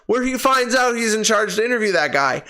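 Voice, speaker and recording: Animated, bright-voiced ranting man. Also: high voice, a little fast, clean tone. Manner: ranting and exasperated, swears freely. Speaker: movie reviewer and streamer. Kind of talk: casual spoken film review. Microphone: personal streaming microphone.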